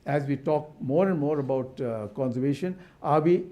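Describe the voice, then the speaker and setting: A man's voice: a little high, moderate pace, mellow. A man giving an impassioned symposium talk, asking rhetorical questions with frequent restarts. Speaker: conservation academic speaker.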